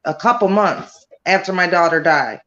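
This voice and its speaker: A woman's voice: lowish voice, moderate pace, fairly bright tone. Woman with dull lo-fi call audio. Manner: rambling, circling back to details. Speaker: grieving mother interviewed about her daughter's death. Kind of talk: remote interview over a call.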